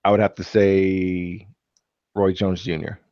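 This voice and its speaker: A man with a lowish voice chats casually on a live stream, stumbling through fillers and restarts. The sound is dry and dull, like a home computer mic. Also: flat delivery, slow pace, warm tone, dry recording. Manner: rambling, hesitant, lots of fillers and restarts. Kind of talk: casual chat.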